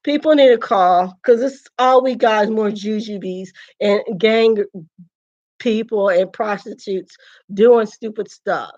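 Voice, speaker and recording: A woman's voice: mid-range voice, slow pace, a little mellow. A woman from the United States in a rambling, indignant monologue rant, laughing between phrases and restarting and repeating her words. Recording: dull lo-fi recording.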